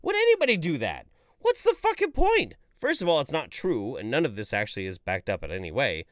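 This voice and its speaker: A man hosts a livestream, reading viewer chats aloud and ranting about them with profanity and exasperation, veering between loud outbursts and mumbled asides. His medium-pitched voice swoops wildly and moves briskly, captured in clean studio sound with no room sound.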